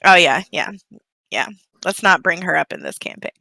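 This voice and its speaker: A woman's voice: fairly low pitch, moderate pace, creaky, sharp tone, no echo, rough recording. A woman in casual, teasing chat with friends over a voice call before a tabletop game. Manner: laughing, teasing, swears freely. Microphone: home setup over a voice call.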